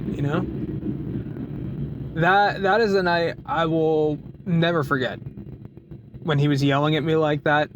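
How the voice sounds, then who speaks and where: A man telling a work story in a casual, animated vlog, with many restarts and short laughs. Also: on the high side, a little slow, long pauses, background noise. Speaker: deli worker venting in a vlog. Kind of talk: casual chat.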